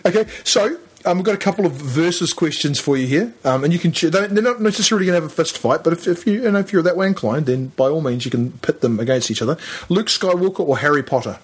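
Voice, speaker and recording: A man's voice: a little high, expressive, quick pace, husky. A man hosting a casual interview chat, jokey and laughing often. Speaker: podcast host.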